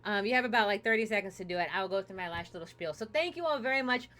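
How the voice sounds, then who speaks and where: Bright-voiced woman streaming a story game. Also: mid-range voice, expressive, racing. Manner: playful, narrates a fairy tale and hops into character voices. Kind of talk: casual gaming stream chat with acted story voices.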